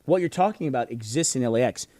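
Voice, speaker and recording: A man co-hosting a podcast, telling a funny story in a casual, animated way and laughing through it. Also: mid-range voice, fast talker, dry recording. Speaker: podcast co-host. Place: podcast studio.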